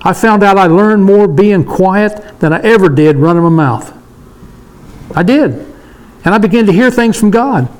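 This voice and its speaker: A man's voice: high voice, animated, moderate pace, darkish tone, low-quality recording. A man in his sixties leading a casual Bible study discussion, emphatic and repeating his points for stress. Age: 60s.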